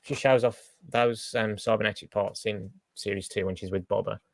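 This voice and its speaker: Male co-host, very low flat voice, calm and halting, dry close mic. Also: gravelly, no echo. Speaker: podcast co-host. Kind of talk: casual chat.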